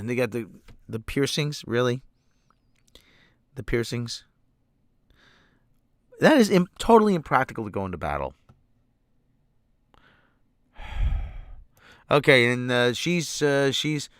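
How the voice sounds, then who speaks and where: A sarcastic, exasperated man tears into a show he is reviewing, swearing freely. His pitch swings widely as he rants. The sound is dry and close, with no room around him. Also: lively intonation, measured pace, long pauses, a bit bright, clear, resonant tone, dry recording. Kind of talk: ranting commentary.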